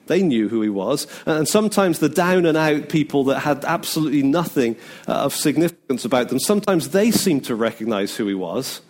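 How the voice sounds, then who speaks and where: A man's voice: medium pitch, expressive, a little fast, hardly any pauses, a little mellow. A man preaching a sermon in a casual, conversational way, often acting out the people he quotes. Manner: conversational, acts out quoted speech. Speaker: pastor.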